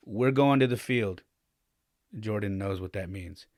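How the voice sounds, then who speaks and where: Here a man in his forties, hosting a podcast, speaks at normal speed in a mid-range voice. He tells an open family story and acts out the lines, climbing in pitch as he gets riled, all in echo-free studio quality.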